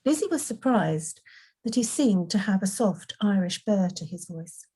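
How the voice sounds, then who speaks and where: A woman reading her own fantasy story aloud in an unhurried way, now and then correcting a slip. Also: mid-range voice, expressive, mellow, husky, poor audio. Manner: unhurried, occasional slips and self-corrections.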